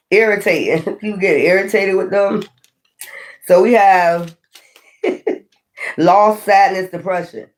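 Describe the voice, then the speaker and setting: A tarot reader giving a casual, chatty reading to viewers, blunt and slangy, often laughing. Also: mid-range voice.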